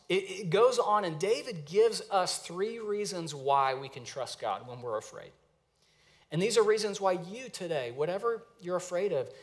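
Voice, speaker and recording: A man in his thirties preaching a sermon in a conversational, storytelling way with lively asides. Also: a little high. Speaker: pastor.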